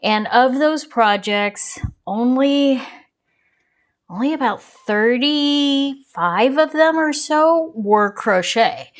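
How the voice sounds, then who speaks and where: Unhurried chatty woman reviewing yarn. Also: high voice, lively intonation. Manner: chatty and rambling, digresses with small laughs. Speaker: crochet channel host. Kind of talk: casual yarn review and demonstration.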